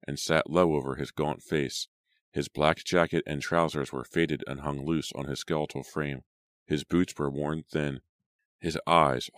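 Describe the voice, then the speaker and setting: A man narrating an audiobook in a steady, measured reading. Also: a bass voice, no room sound. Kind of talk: scripted narration.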